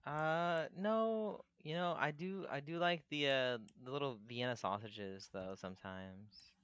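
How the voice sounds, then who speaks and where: Deadpan podcast co-host, dry mic. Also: male voice, mid-range voice, measured pace, smooth, no echo, lo-fi sound. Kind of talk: casual chat.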